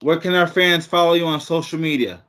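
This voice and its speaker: A man hosting a wrestling podcast, asking closing questions and plugging the show in a relaxed, casual way. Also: fairly high pitch, brisk, slight background noise. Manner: relaxed, brief reactions and wrap-up plugs. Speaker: podcast host.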